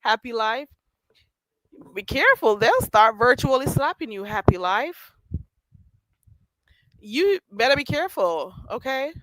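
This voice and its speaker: A woman's voice: on the high side, very animated, measured pace, long pauses, fairly bright tone, no echo, rough recording. A woman hosting a casual livestream, chatting and teasing viewers by name and laughing often. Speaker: livestream host. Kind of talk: casual chat reading live chat. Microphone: streaming mic.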